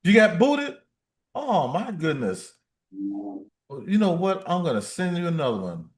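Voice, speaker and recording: A man's voice: fairly high pitch, huge pitch swings, unhurried. A man hosting a casual livestream, playful and reading viewer comments aloud. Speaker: livestream host.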